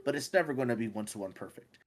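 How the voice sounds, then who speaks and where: A man's voice: mid-range voice, fast talker. Podcast co-host, male, mid-range voice, loose filler-heavy game talk. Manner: rambling, filler-heavy, animated when excited. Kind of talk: casual gaming podcast chat.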